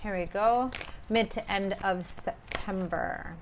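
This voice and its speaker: A woman's voice: mid-range voice, slow pace, heavy background noise. A woman giving a casual tarot reading, talking bluntly and emphatically with frequent swearing. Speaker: tarot reader.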